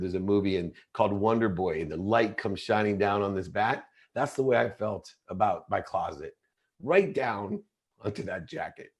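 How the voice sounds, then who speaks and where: A middle-aged man speaks as a podcast guest, his voice sitting a little low. He tells a personal story in a confessional, intense way. He often breaks off and restarts his sentences as he goes. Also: darkish tone, breathy edge.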